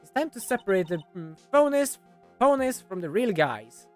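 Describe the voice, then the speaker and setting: A cool, brooding masked prosecutor who speaks in a low, dramatic register, voiced by a man reading a game. Every line is delivered smooth and unhurried. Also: very animated, faint music behind.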